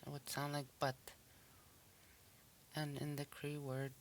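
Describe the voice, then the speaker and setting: A language teacher giving a recorded pronunciation lesson, saying each example word slowly and then repeating it with care. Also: medium pitch, monotone, slight background noise.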